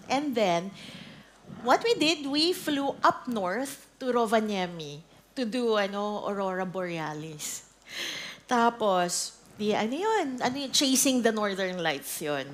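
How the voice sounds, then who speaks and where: A woman's voice: on the high side, very animated, unhurried, a little hiss or hum. A middle-aged woman with a Filipino accent giving a conversational talk to a women's ministry group, switching between Tagalog and English and often checking in with the audience. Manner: chatty, mixes Tagalog and English, keeps asking the audience. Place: church training session before an audience.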